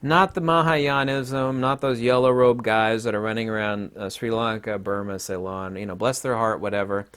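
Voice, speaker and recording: A man's voice: lowish voice, level tone, normal speed, hardly any pauses, fairly bright tone, clear, resonant tone. A middle-aged man giving a blunt, combative monologue as an online commentator, with mocking asides. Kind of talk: opinionated monologue.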